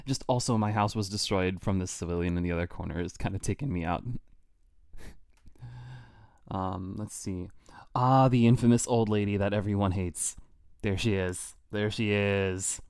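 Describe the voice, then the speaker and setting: A man's voice: fairly low pitch, moderate pace, darkish tone, smooth, dry recording, clean studio sound. A man streaming his reaction to a manga chapter, chatty and laughing often, with many restarts.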